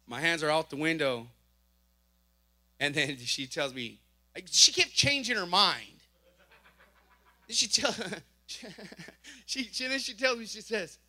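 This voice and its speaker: A man giving a spoken testimony to a congregation, telling an animated story and acting out the dialogue himself. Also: fairly high pitch, unhurried, pauses often. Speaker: church member giving testimony.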